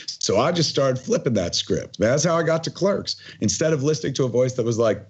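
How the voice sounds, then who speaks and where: A man's voice: medium pitch, animated, fairly quick, few pauses, slightly rough, dull audio. A man in his forties, a podcast guest talking casually in an emphatic, rambling way with plenty of swearing. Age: 40s. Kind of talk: casual conversational interview.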